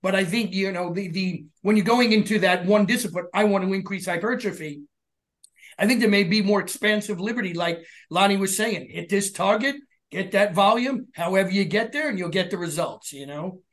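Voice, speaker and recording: Male co-host with a high voice, measured and agreeable. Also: fairly bright tone. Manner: measured, with frequent backchannel murmurs. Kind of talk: casual podcast conversation.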